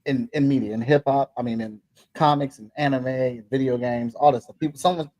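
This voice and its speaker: A man hosting a casual chat, relaxed and agreeable, with laid-back slang. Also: mid-range voice, fairly quick, no echo, low-quality recording.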